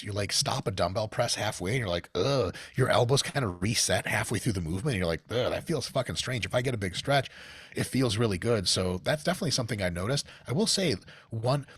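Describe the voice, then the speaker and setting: An American man with a husky, lowish voice tells a gym story in a loose, swearing podcast conversation. His pitch swings widely as he builds the tale, and the sound is close and dry. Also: no echo. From United States. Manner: profane, storytelling, animated. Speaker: guest. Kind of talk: casual podcast chat.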